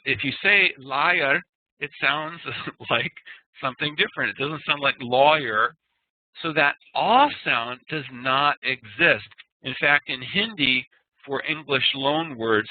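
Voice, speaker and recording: A man teaching an online class, speaking slowly and patiently and demonstrating sounds aloud. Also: medium pitch, no echo. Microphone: computer mic on a video call. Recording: dry, tinny web-call audio.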